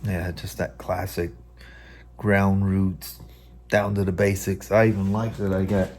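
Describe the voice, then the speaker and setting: A man's voice: low voice, flat delivery, measured pace, background noise. A middle-aged man, chatting casually in a motorcycle vlog and chuckling often, out on a rainy ride and then at home. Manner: easygoing, talks to himself and the viewers, chuckles often. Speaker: motorcycle vlogger. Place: riding a motorcycle outdoors in the rain, then at home.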